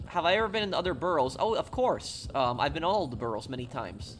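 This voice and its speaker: A man's voice: fairly high pitch, expressive, brisk, a little hiss or hum. A man from New York chatting casually on a live stream, answering viewer questions while he plays, rambling and a bit apologetic. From New York, USA. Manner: rambling, apologetic, talks over gameplay.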